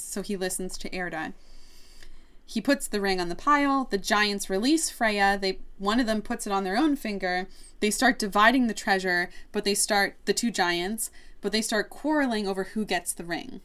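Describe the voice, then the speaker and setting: A woman co-hosting a podcast, retelling an opera plot in a casual, animated way. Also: medium pitch, unhurried, smooth. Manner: animated, quoting characters. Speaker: podcast co-host. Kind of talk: casual storytelling recap.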